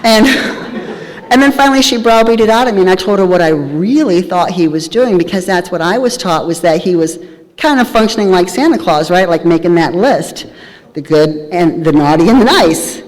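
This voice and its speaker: A woman's voice: lowish voice, animated, normal speed, a little mellow. A woman in her thirties or older, telling her recovery story at a meeting with candid, humorous storytelling. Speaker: speaker sharing recovery story. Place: large hall at a live event. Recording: reverberant hall.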